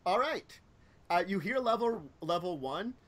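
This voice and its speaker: Guy with a high voice gm-ing a tabletop game, lots of um and like. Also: expressive, fairly bright tone. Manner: loose, halting narration with many ums and likes. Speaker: game master.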